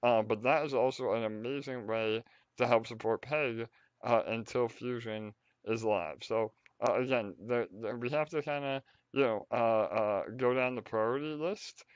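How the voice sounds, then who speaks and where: A man hosting a casual project update on a call, halting and full of fillers. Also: medium pitch, clear, resonant tone, no echo, muffled recording.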